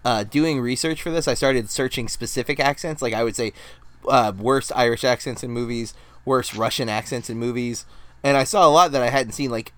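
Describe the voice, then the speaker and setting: A man's voice: mid-range voice, a bit bright. A man co-hosting a podcast in casual chat, rambling with lots of fillers. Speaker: podcast co-host.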